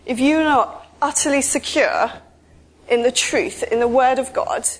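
Woman preaching casual style, kinda high voice, lots of chatty asides. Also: unhurried. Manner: chatty, animated storytelling with asides. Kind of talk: informal sermon.

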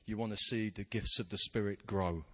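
A man gives a sermon, telling personal stories in a self-deprecating way. His voice is bright and clear, with a forward ring. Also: fairly low pitch, steady tone, moderate pace. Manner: anecdotal, self-deprecating storytelling. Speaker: pastor.

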